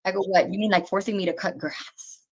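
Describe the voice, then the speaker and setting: A woman's voice: mid-range voice, a little fast, a little hiss or hum. A young woman in her twenties talks as an interview guest in a mid-range voice. She tells a personal story with earnest indignation and acts out every back-and-forth as she goes. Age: 20s. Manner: animated retelling, acting out each exchange.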